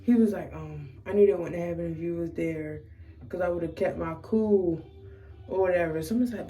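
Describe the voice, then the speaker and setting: A young woman with a Maryland accent, telling a casual storytime to her camera in a slangy, animated way. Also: on the low side, moderate pace, far from the mic, rough recording. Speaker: vlogger.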